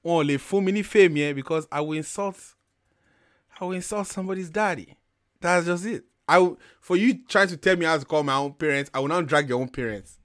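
A man's voice: on the high side, brisk, no room sound, studio quality. A young man hosting a talk show, ranting bluntly and profanely in casual chat. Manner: blunt, profane, animated storytelling. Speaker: podcast host. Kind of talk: heated casual rant.

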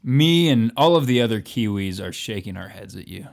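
A man's voice: on the low side, animated, normal speed, creaky. A man co-hosting a podcast over a remote call, teasing dryly with lots of hesitant fillers. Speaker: podcast co-host. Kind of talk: casual podcast chat.

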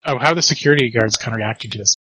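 A man's voice: mid-range voice, racing, sharp tone, breathy edge, dry recording, rough recording. A man playing a tabletop role-playing game, describing his character's moves step by step. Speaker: player.

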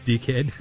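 A man's voice: a little high, bright, forceful tone. A young Australian man hosting a casual sports podcast, laid-back and sweary, his voice tired and giving out. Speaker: podcast host.

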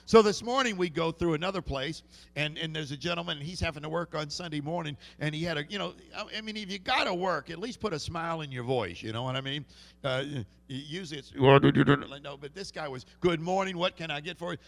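A man's voice: fairly high pitch, fast talker, creaky, a bit bright. A man preaching a sermon in a church, telling folksy stories and often restarting his sentences. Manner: folksy storytelling with many restarts. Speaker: pastor. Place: church sanctuary. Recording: long hall reverb.

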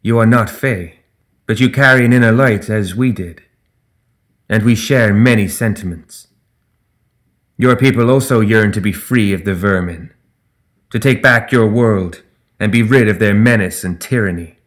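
Slow grave fae queen from a fantasy audiobook, a guy reading her, regal and low. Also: close to an everyday voice. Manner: slow, solemn, regal delivery.

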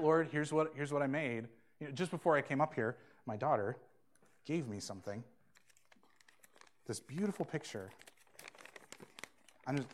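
A man in his thirties preaching a sermon, earnest, moving between hushed asides and emphatic points. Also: medium pitch, a little hiss or hum. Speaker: pastor.

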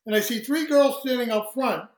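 A man telling lively stories as a guest in a casual interview, acting out what people said and laughing often. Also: very high voice, moderate pace, echoey room, rough recording. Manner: animated storyteller who acts out quoted voices, laughs often. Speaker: guest, singer.

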